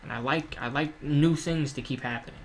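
A man's voice: a little high, a little fast, a little hiss or hum. A man giving casual, rambling gameplay commentary, swearing often and drifting into rants. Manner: rambling, profane, ranting. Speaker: gaming YouTuber.

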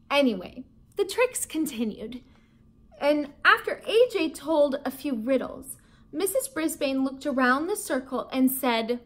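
A woman teacher reading a children's book aloud in an expressive storytelling manner. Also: high-pitched, measured pace.

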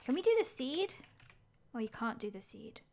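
High-voiced excitable woman streamer. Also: moderate pace. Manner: excitable, narrates her own play aloud. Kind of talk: live game-stream chatter.

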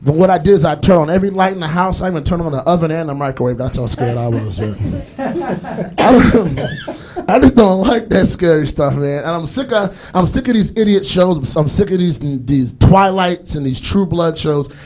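A man's voice: on the high side, lively intonation, normal speed, noisy background. A man doing a loose, rambling stand-up comedy set on stage, acting out voices as he goes. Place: comedy stage before a live audience.

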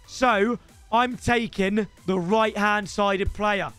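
A young Englishman commentating his football video game with energetic, shouty, slangy banter aimed at his viewers. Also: sits high, takes it slowly, smooth, no echo, soft background music. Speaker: gaming YouTuber. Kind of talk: excited gameplay commentary.

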